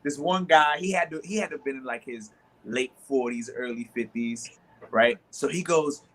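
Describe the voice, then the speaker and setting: Casting note: New man in his thirties, bright slightly high voice, a passionate storyteller who repeats and restarts a lot. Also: animated, moderate pace, slight background noise. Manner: storytelling with many restarts, acts out both sides of arguments. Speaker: sports talk show co-host. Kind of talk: animated storytelling in casual chat.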